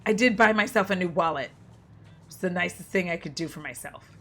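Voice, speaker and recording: A woman's voice: fairly low pitch, a little fast, a bit bright, soft background music. A woman chatting over her gameplay in a loose, unscripted way. She swears freely and laughs often, with plenty of exasperated asides. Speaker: game streamer. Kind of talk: casual gameplay commentary.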